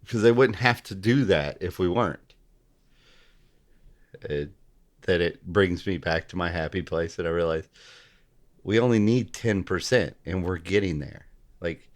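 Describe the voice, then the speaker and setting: A man as a podcast guest in casual political chat, halting and often restarting his sentences. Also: deep voice. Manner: halting, repeats and restarts, gropes for names.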